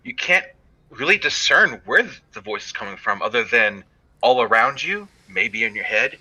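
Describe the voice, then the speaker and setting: A man narrating a tabletop game as game master, describing scenes in slow detail with fillers. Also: medium pitch, big pitch swings, pushed and bright, husky, poor audio.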